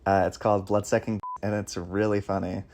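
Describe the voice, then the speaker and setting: Low-voiced rambling young man. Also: flat delivery, brisk, darkish tone, slight background noise. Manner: rambling, hesitant restarts. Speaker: podcast co-host. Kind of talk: casual chat about movies.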